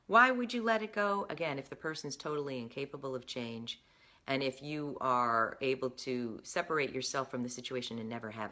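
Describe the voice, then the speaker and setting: A middle-aged woman with a low, grounded voice gives career advice straight to her viewers. She is earnest and emphatic, leaning on key phrases and checking that the listener follows. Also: a bit bright. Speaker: career coach. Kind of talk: direct-to-camera advice talk.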